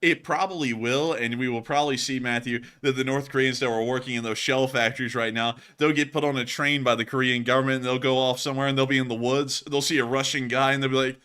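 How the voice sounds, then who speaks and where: A man's voice: medium pitch, fairly even intonation, quick pace, hardly any pauses, pushed and bright, smooth. A man giving casual war news commentary, joking around, laughing often and rambling with fillers.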